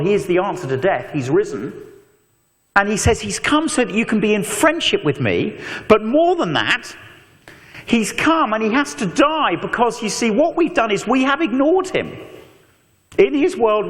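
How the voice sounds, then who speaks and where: Man, preacher, lively swinging delivery, slightly high voice, long hall echo. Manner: animated storytelling with mock voices and asides. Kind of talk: evangelistic talk to students.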